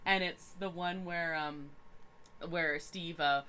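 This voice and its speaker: A woman's voice: fairly low pitch, fairly even intonation, slow, sharp tone, clean tone. A woman from Canada co-hosting a podcast, chatting with upbeat enthusiasm. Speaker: podcast co-host and writing teacher. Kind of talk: casual chat.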